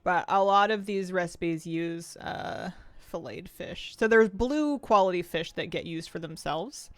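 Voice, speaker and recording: A woman from the United States with a lowish voice talks a little slowly in a dry recording. Streaming from home, she chats casually and thinks aloud while eating and playing a game.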